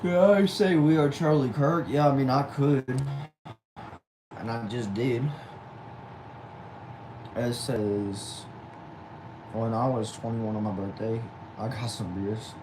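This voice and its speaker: A man's voice: medium pitch, takes it slowly, pauses often, background noise. A man, reading chat aloud on a casual livestream from a small back room at home and answering with dry, easygoing replies. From Texas. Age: 20s.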